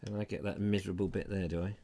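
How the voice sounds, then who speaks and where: A man's voice: deep voice, little pitch movement, rapid-fire, warm tone. A man hosting a live comedy talk show from his house, talking with playful, theatrical asides to his audience. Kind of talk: live-streamed comedy chat. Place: terraced house, indoors.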